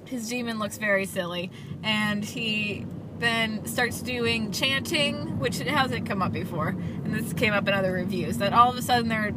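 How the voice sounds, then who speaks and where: A woman's voice: on the high side, heavy background noise. A young woman chatting casually in a daily video diary, rambling and enthusiastic with lots of fillers. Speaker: vlogger reviewing a film daily.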